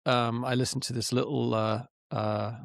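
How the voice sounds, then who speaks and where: A man's voice: mid-range voice, moderate pace, gravelly, no echo, studio quality. A man co-hosting a podcast, chatting casually and acting out his own frustrations as he tells stories. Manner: animated storyteller, acts out his own frustration. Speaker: podcast co-host. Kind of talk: casual conversation. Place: living in rural Canada.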